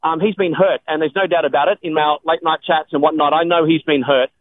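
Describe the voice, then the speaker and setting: A man, a guest on a call-in radio show, speaking earnestly with many halting restarts. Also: a little high, fairly even intonation, phone-quality sound. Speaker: radio guest answering callers.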